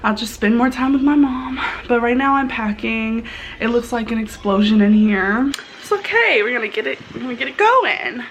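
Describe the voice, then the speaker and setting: A woman's voice: fairly high pitch, expressive, moderate pace, a little hiss or hum. A woman in her twenties chatting casually and upbeat to her vlog audience. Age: 20s. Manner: chatty, upbeat, says "y'all". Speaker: vlogger.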